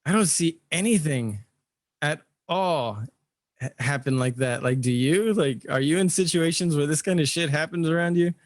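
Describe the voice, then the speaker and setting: A man's voice: fairly high pitch, normal speed, no echo. Rambling, questioning podcast man, dry sound. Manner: rambling, questioning, swears casually. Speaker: podcast co-host. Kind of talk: casual podcast chat.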